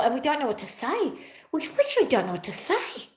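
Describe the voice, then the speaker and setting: A woman's voice: a little high, sing-song, brisk. Emphatic woman, echoey room. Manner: emphatic, repeats key phrases. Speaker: spiritual teacher. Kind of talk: spiritual motivational talk. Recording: roomy echo.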